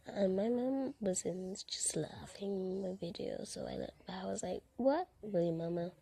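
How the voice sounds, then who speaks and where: Vlog voiceover: woman, soft and hushed, husky with some gravel. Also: mid-range voice, big pitch swings, moderate pace. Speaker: vlogger. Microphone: recorded voiceover.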